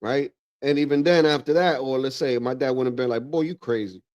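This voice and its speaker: A man hosts a casual livestream, reacting out loud with plenty of slang and "bro." His voice sits in an ordinary middle pitch and sounds dry and close, with no room echo. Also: fairly quick, muffled recording. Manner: animated, drops into mock voices of relatives. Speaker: livestream host.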